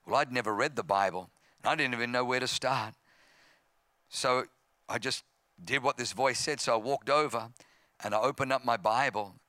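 A man's voice: mid-range voice, moderate pace, long pauses, no echo, clean studio sound. An Australian man in his fifties, a pastor telling his testimony in a sermon, acting out voices and growing impassioned. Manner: storytelling, acting out voices, grows loud and impassioned.

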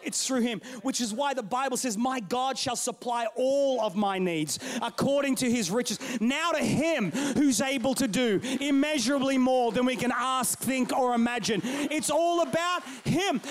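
A man over thirty-five preaching a sermon, telling stories and swinging between loud bursts and hushed lines. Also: extremely high pitch, animated, normal speed, few pauses.

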